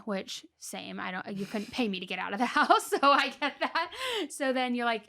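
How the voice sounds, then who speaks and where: A woman's voice: a little high, moderate pace, creaky, few pauses, fairly bright tone. A woman hosting a podcast, affirming her guest and steering the story with short questions. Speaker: podcast host. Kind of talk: interview.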